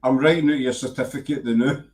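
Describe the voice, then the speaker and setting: A man's voice: medium pitch, fairly even intonation, quick pace, a little mellow. Teasing Scottish man host, echoey room. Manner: teasing, joking, rambling. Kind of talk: casual banter on a web show.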